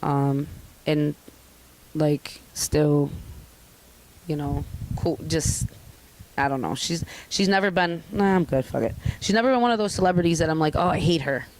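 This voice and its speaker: A woman's voice: low voice, a little slow, slight background noise, low-quality recording. Candid, profane young woman. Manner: candid, profane, animated storytelling. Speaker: guest artist. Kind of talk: casual interview chat.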